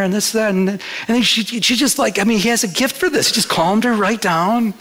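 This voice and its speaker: A man's voice: high-pitched, fairly even intonation, normal speed, few pauses, a bit bright. A male pastor preaching a sermon in church, in a conversational storytelling manner that slips into acted quotes.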